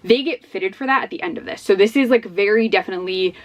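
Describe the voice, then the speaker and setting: A woman's voice: mid-range voice, fast, highs cut off. A young woman talking casually at home in a book vlog, chatty and bubbly. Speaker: book vlogger. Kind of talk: casual chat.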